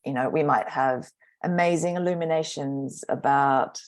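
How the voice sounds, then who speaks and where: A woman astrologer speaking as a podcast guest, talking in a slow, reflective way with trailing pauses. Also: rumbling low. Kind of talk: casual podcast chat.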